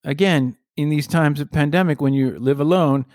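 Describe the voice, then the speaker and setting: A man's voice: a little high, moderate pace, a little mellow, no room sound, studio quality. A man co-hosting a podcast in casual chat, playful and wry, musing aloud about words. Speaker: podcast co-host.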